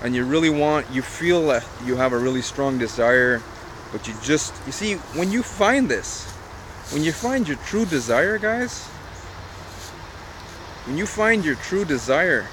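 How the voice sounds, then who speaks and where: A man's voice: on the high side, fairly bright tone, slight background noise. A man telling a motivational story in a casual vlog, talking straight to his viewers, emphatic and repetitive, with a little swearing. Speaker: online marketer.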